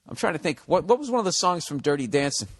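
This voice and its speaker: A man's voice: fairly high pitch, very animated, fast. A man hosting his own podcast, talking in a casual, rambling monologue that is blunt, joking and full of swearing. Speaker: podcast host.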